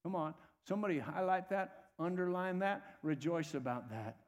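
A man's voice: sits high, expressive, moderate pace. A man preaching a sermon as pastor, urging the congregation to repeat phrases after him. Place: church sanctuary. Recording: long reverb of a church hall.

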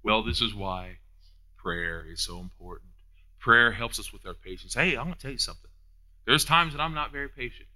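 A man preaching a sermon as pastor, with a folksy manner, swinging from loud high peaks down to soft hushed asides. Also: a little fast. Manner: folksy, uses down-home phrasing.

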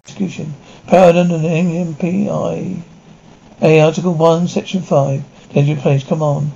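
A man reading dialogue and sound cues aloud in a flat, even way. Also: on the high side, normal speed, creaky, slightly rough, faint music behind. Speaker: describer. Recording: dull lo-fi recording.

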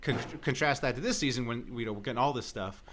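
A man's voice: mid-range voice, fast, fairly bright tone. A man co-hosting a basketball podcast, giving firm opinions in casual chat and laughing often. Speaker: podcast co-host.

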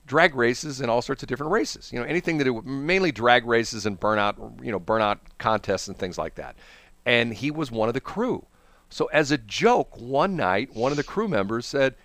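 Man, radio host, lively pitch, dry close sound, storytelling. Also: no echo. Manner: animated storyteller, mimics voices. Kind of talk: casual radio chat.

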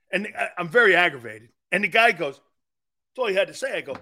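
Brash, bright-voiced sports talk host. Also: male voice, high-pitched, very animated, quick pace. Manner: brash, joking storyteller, acts out quotes. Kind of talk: animated sports radio monologue.

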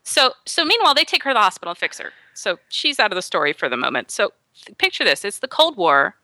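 A woman telling a story in casual chat, animated, acting out the people she quotes. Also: medium pitch, quick pace, no room sound. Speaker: guest storyteller.

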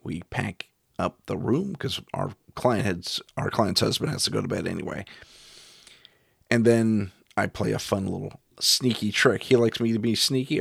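Gravelly, husky man telling a ghost story. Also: lowish voice, moderate pace, a bit bright, no room sound, studio quality. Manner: chuckling, wry storyteller. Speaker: paranormal investigator.

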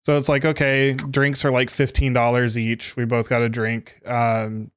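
A man's voice: medium pitch, flat delivery, measured pace, clean tone, no echo, studio quality. A young American man hosting a podcast, trading joking, profane banter with his co-hosts. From United States. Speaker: podcast host. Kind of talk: casual chat.

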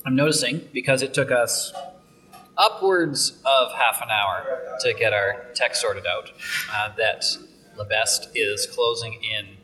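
A man's voice: mid-range voice, slow pace, bright, forceful tone. A man in casual food-review chat, wry and keeping the conversation on track. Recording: distant mic with faint noise.

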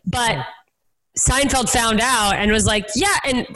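A woman hosting a podcast in casual chat, chatty and quick to laugh, swearing now and then. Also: fairly high pitch, pushed and bright, slight background noise, rough recording. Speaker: podcast host.

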